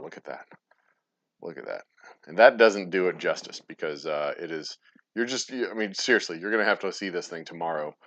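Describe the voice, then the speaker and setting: A man's voice: low voice, fairly bright tone. A man hosting a distillery livestream, rambling casually, cursing and stumbling over his words. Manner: rambling, profane, stumbles and restarts often. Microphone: plugged-in mic at the desk.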